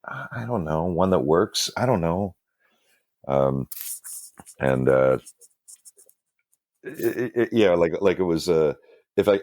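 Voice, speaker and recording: A guest musician who sings in a band tells rambling, self-deprecating stories in a casual interview, full of fillers and restarts. His voice is extremely low-pitched with a dark tone, and the recording is clean studio sound with no room echo.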